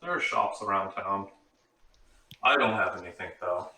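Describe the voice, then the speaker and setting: A measured, mildly teasing female wizard, voiced by a man in a tabletop game. The voice has a bright edge. It sounds roomy and distant from the mic. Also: low-pitched, pitched below the performer's own voice, heavily acted. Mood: calm. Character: female wizard, calm, helpful, fussy about cleanliness. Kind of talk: tabletop role-play in character. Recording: echoey room, far from mic.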